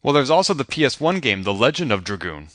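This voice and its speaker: A man's voice: medium pitch, very animated, fast, fairly bright tone, dry recording. A man hosting a casual podcast chat, asking wry questions and laughing easily.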